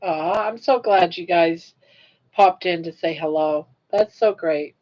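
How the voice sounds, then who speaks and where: A woman's voice: lowish voice, takes it slowly, lo-fi sound. An older woman hosting her own live stream, chatting casually and reacting aloud to viewer comments. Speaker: livestream host.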